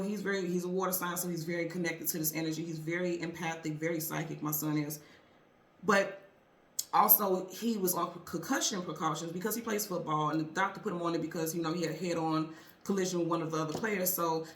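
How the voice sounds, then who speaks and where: A woman's voice: on the low side, fairly bright tone. Earnest chatty woman in an echoey room. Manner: chatty, earnest, many fillers and restarts. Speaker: tarot reader and channel host. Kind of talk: casual storytelling to viewers.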